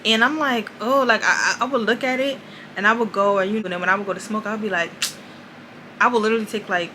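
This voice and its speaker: A young woman talks straight to her viewers in a casual confessional vlog. Her voice is bright and crisp, with "y'all" and "like" scattered all through her talk. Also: medium pitch, fast, slight background noise, rough recording. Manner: chatty, addresses viewers as "y'all", many "like"s. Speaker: vlogger.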